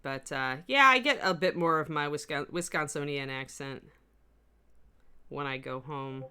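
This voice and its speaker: Female instructor, low register, rambling friendly asides, faint West Coast accent. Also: moderate pace, bright, forceful tone, clear, resonant tone. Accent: slight US West Coast. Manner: chatty, rambling asides while working. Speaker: miniature sculpting instructor. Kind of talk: live-stream tutorial chat.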